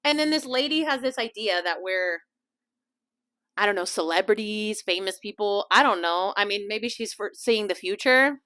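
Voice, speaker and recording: A young woman hosting her own podcast, chatting casually about a trip, animated and laughing, acting out other people's lines. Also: medium pitch, normal speed. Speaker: podcast host. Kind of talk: casual storytelling chat.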